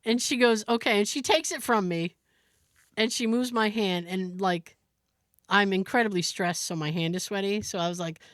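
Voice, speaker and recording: This podcast co-host has a mid-range voice at normal speed, captured in a dry, clean studio recording. Her casual storytelling is lively, and she performs the people involved.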